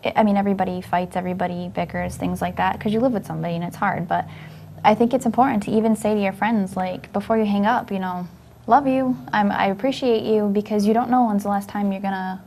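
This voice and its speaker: A woman's voice: medium pitch, fairly even intonation, fast talker, creaky, warm tone, a little hiss or hum. Chatty reflective woman co-host. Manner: chatty, reflective, laughs easily. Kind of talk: casual chat.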